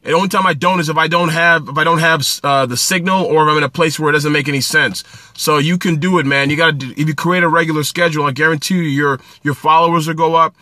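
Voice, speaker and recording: Bright-voiced upbeat man livestreaming. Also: on the high side, steady tone, fast talker, no room sound. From New Jersey. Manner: upbeat, greets viewers by name, coaching tone. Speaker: livestream host. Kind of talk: casual livestream chat. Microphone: phone livestream.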